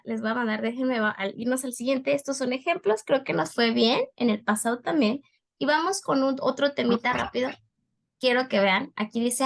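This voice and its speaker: A woman teaching an online English class, animated and coaxing, repeating words for her students. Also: sits high, creaky. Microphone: video call.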